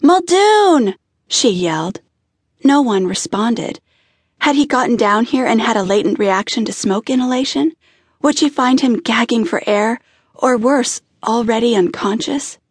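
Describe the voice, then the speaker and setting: A woman reading a romance audiobook in an expressive, intimate style. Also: on the high side, slightly rough, no room sound, studio quality. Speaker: audiobook narrator. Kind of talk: scripted narration.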